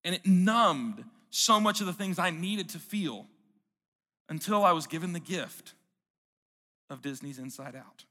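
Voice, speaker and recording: A man preaches in a high, bright voice. He talks earnestly and conversationally and keeps asking the room questions. A long hall reverb trails each phrase. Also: expressive, unhurried, pauses often. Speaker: pastor. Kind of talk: sermon.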